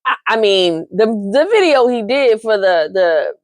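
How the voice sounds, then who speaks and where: A woman recapping a soap opera in casual chat, sassy and chatty with lots of animated asides. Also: mid-range voice, a little slow, dry recording.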